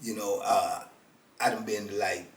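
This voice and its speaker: A man's voice: on the low side, steady tone, unhurried, roomy sound, recorded from a distance, voice pushed down, natural voice. A man doing a coaxing New Orleans card hustler. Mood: boastful mumble. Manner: coaxing, calls you baby.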